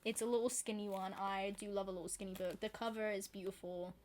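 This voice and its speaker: A woman's voice: mid-range voice, steady tone, quick pace. A British woman vlogging about books in a chatty, rambling, self-deprecating way. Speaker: book vlogger. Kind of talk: casual chat to camera.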